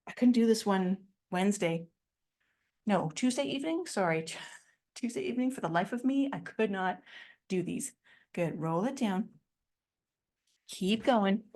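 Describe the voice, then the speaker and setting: A woman's voice: medium pitch, darkish tone. Woman, Pilates instructor, step-by-step cues, encouraging, laughs often. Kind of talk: guided exercise class instruction.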